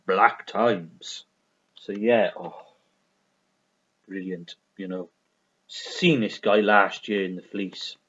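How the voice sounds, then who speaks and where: This man's voice sits low with fairly even intonation and a fairly bright tone, and he takes it slowly, pausing often. A vinyl record reviewer, he chats casually and unscripted about records he bought, rambling, repeating himself, swearing freely and brimming with enthusiasm. The recording is lo-fi.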